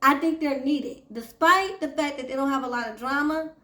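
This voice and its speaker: A high-pitched woman hosts a casual recap of a reality TV episode and talks to her viewers as "y'all". Her voice rings out in an echoey room. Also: moderate pace, sharp tone. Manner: chatty, addresses viewers as y'all. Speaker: TV recap host.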